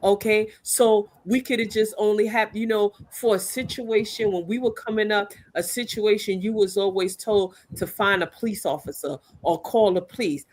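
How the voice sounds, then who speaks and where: A woman's voice: medium pitch, fairly even intonation, normal speed, hardly any pauses, darkish tone. A woman in her sixties on a podcast, talking bluntly and passionately, straight to the host. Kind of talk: casual podcast discussion.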